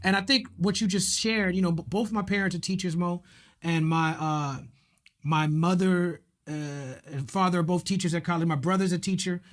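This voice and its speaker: A man with a high voice hosts an interview. He speaks earnestly and deliberately, with pauses and fillers as he gathers his thoughts. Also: fairly even intonation. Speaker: host. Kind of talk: interview conversation.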